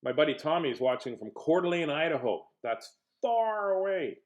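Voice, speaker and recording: A man's voice: a little high, sing-song, normal speed, hardly any pauses. A man hosting a casual read-aloud stream for children, chatting playfully and joking with young viewers between pages. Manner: jokey, clowning between reading. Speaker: children's book reader and host.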